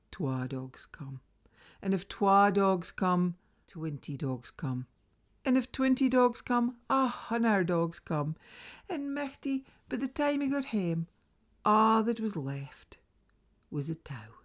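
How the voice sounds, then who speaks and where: A woman with a Northeast Scots accent telling a traditional folk tale, dramatic and dropping to whispers. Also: mid-range voice. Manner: lively, dramatic, drops to whispers. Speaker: storyteller.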